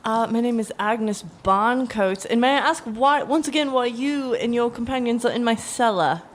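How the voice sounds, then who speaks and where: A woman's voice: a little high, moderate pace, natural voice. A woman voicing a scolding, foul-mouthed 1940s English housewife in a tabletop role-play. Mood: indignant. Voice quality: scolding, swears freely.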